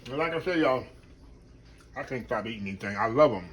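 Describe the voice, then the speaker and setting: Man, bright tone, casual cooking vlog host, talks while eating. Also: mid-range voice, animated, a little fast, slight background noise. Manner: chatty, talks with mouth full, murmurs "mm" while eating; Southern phrasing, says "y'all".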